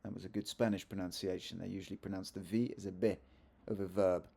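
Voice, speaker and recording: A man's voice: deep voice, little pitch movement, fast talker, creaky, mellow, slightly rough. A man teaching a video grammar lesson, chatty and self-correcting, with joking asides as he explains. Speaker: Spanish teacher.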